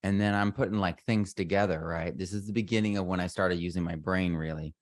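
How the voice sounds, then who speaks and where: A man's voice: deep voice, fairly even intonation, brisk, no room sound, clean studio sound. A middle-aged man talking as a podcast guest in a casual interview, rambling and often restarting his sentences. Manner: rambling, self-interrupting storyteller.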